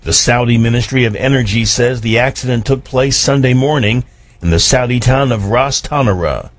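Steady male news correspondent. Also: mid-range voice, normal speed, no echo. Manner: steady, factual. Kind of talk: radio news report.

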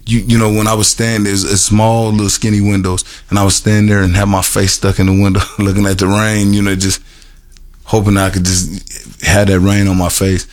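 A middle-aged or older man giving an earnest personal testimony to a group, with halting, repetitive phrasing and many restarts. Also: on the low side, flat delivery. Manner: earnest and emotional, laughs at himself. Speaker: formerly incarcerated man telling his story.

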